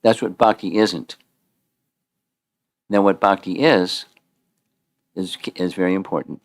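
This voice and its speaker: Man teaching a temple class, very low voice, dry close sound, chatty, quizzes listeners. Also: slow pace, no room sound. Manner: conversational, quizzes the audience, repeats and restarts. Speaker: spiritual teacher giving a class. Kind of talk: informal scripture class.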